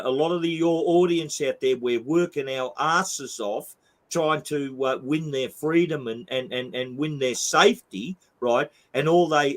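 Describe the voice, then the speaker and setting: Blunt, swearing older Australian man. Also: a little high. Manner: blunt, emphatic, swears freely. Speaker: guest. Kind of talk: heated interview talk.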